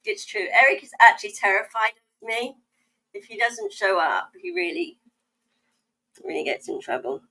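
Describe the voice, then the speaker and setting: Woman, South East London accent, fairly high voice, lively and playful, chatty live-stream host. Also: moderate pace, low-quality recording. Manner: playful, chatty, reading viewer comments aloud. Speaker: livestream art host. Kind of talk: casual chat while drawing.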